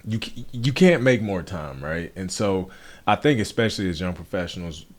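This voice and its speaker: A male podcast host with a low voice. He reflects on his points in measured, thoughtful interview talk and often checks in with "right?". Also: lively intonation.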